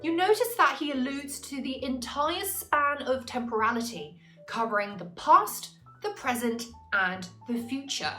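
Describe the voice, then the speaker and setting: A woman tutor giving a scripted, analytical literature lesson, slowing down to stress key terms. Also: high voice, lively intonation, bright, forceful tone, faint music behind. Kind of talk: scripted explanatory narration.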